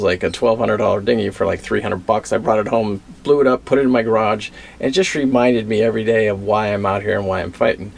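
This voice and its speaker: A man's voice: lowish voice, gravelly, husky. A man telling a story in a casual vlog, rambling, with many fillers and restarts. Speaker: vlogger.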